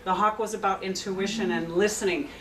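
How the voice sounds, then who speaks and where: A woman counselor giving an anecdotal talk to an audience, telling a lively story and acting out both sides of a conversation. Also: mid-range voice, brisk, slight background noise. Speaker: clinical director and counselor. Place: open house event, indoor room. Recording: roomy sound picked up from a distance.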